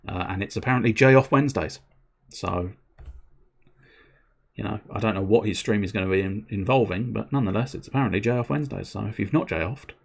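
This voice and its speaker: A man's voice: low-pitched, gravelly. A young man chatting casually to his stream audience, rambling, self-deprecating and swearing now and then. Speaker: livestreamer.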